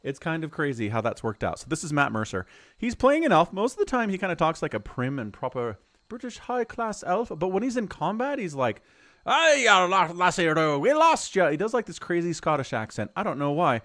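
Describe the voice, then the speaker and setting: A middle-aged man chatting his way through a game stream, his pitch swinging up and down as he talks. The sound is close and dry, with no room around it. His talk rambles along as he explains what is happening on screen. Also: big pitch swings, brisk, fairly bright tone, no room sound. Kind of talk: casual live-stream commentary.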